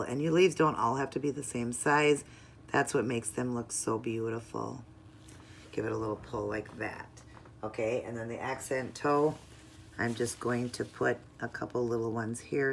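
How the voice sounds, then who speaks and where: Rumbling low and gravelly, a woman's voice guides viewers through a casual, step-by-step nail art tutorial at home. She sounds chatty and instructive, and there's a little hiss or hum in the audio.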